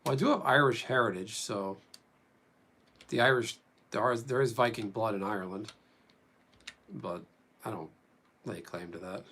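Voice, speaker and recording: A man's voice: on the low side, moderate pace, pauses often, a bit bright, a little hiss or hum. A man chatting casually with viewers during a live stream, rambling as he reads and answers them.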